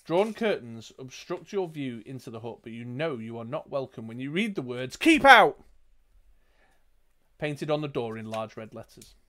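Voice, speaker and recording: A man's voice: medium pitch, lively intonation, normal speed, hardly any pauses. A man narrating a gamebook as game master, with dry joking asides. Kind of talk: reading and narrating a gamebook playthrough.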